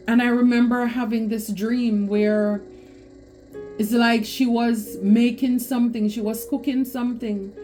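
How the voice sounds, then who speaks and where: A woman's voice: mid-range voice, darkish tone. A woman giving a spiritual tarot reading, talking emphatically and repeating phrases for stress. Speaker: tarot reader.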